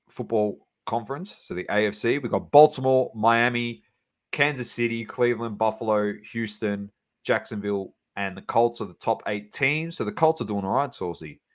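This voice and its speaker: A man co-hosts a casual sports podcast, reading out results in a low-pitched voice. He talks with many fillers and quips. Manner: rattles off scores with fillers and banter. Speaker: podcast co-host.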